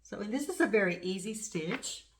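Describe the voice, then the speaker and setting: A woman's voice: medium pitch, animated, moderate pace. A middle-aged woman hosting a craft channel, chatting casually and rambling as she gushes over her stitching projects. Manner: chatty and rambling, gushing over small things. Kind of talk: casual show-and-tell chat.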